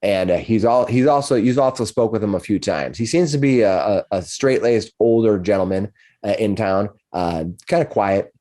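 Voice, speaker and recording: A man narrating a tabletop game as game master, halting and restarting often. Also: lowish voice, warm tone. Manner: halting, with many restarts and fillers.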